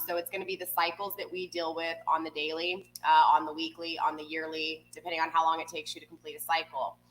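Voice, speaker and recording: A woman's voice: fairly low pitch, pushed and bright, a little hiss or hum, rough recording. A woman in her forties hosting a tarot reading, chatting casually with viewers, rambling with lots of ums. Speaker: tarot reader, channel host.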